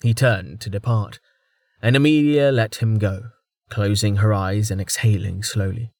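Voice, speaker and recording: A man narrating a fantasy audiobook in an expressive storytelling manner, recorded close to a studio mic. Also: fairly low pitch, unhurried, dry recording.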